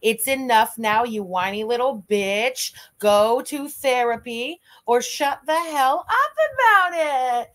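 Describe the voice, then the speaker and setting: A woman's voice: a little high, expressive, slow, hardly any pauses, a bit bright. Blunt, profane young woman streamer. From Canada. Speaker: commentary streamer. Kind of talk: live reaction commentary.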